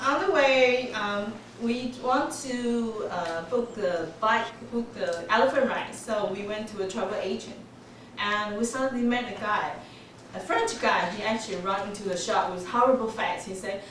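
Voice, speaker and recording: Woman in her 40s, club storyteller; higher voice, lively and laughing, noisy recording. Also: unhurried. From Taiwan. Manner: laughs often, lively telling with small grammar slips. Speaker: club speaker. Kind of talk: prepared storytelling speech. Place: meeting room. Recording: echoey room from far off, noisy.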